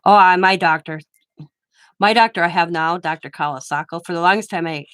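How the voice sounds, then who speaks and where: A woman's voice: on the low side, fairly quick, a bit bright, smooth, no room sound. An older woman hosting a craft channel, telling rambling personal anecdotes in casual chat and laughing often.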